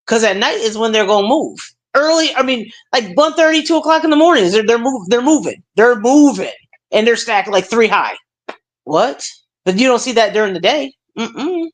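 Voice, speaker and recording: A somewhat high-voiced woman hosting a casual stream chat. She tells stories with energy and leans on fillers and repeated words as she goes. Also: moderate pace. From United States. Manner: animated storytelling with many fillers. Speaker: stream host.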